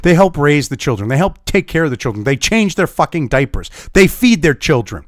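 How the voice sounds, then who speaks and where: A man's voice: on the high side, sing-song, fairly quick, no room sound, clean studio sound. A man delivering angry, profane and sarcastic political commentary as a vlogger.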